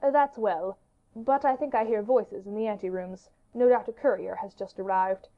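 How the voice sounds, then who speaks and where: A woman's voice: mid-range voice, normal speed, natural voice. A woman voicing a curious, commanding male king in an audiobook. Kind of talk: audiobook character reading. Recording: dull lo-fi audiobook recording.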